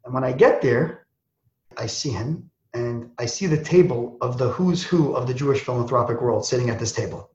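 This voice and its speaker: A man telling a personal story as an interview guest, acting out the dialogue in quick, animated bursts. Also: mid-range voice. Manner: acts out quoted dialogue, talks in quick bursts. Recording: echoey, dull lo-fi sound.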